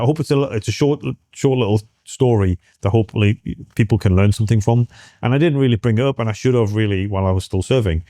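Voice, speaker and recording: Middle-aged British man, interview guest. Dark, low voice, dry close sound, earnest and halting delivery. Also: no echo. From United Kingdom. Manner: halting, many restarts, earnest. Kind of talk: candid personal interview.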